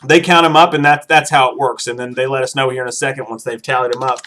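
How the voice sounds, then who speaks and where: A man's voice: mid-range voice, fairly even intonation, fast talker, pushed and bright. A man hosting a casual livestream, giving voting instructions in a playful, jokey, announcer-like way. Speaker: livestream host running a vote.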